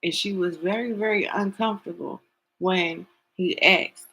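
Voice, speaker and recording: A tarot reader speaks in an opinionated vlog commentary at a middling pitch. The voice carries a steady gravelly fry. Points land through emphatic repetition and rhetorical questions. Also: measured pace, poor audio. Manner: emphatic, repeats words for stress.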